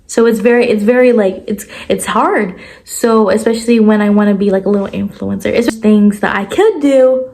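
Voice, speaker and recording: A young woman chatting casually through a book review vlog, expressive and full of filler words. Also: a little high, normal speed, hardly any pauses. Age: young adult. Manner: chatty, expressive, lots of "like" fillers, animated emphasis. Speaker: book vlogger.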